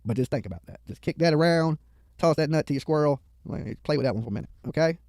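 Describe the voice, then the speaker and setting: A man's voice: on the high side, fast talker, creaky, darkish tone, no room sound. A man giving profane, mocking live commentary on a video from a studio, heckling the people on screen and rambling into stories.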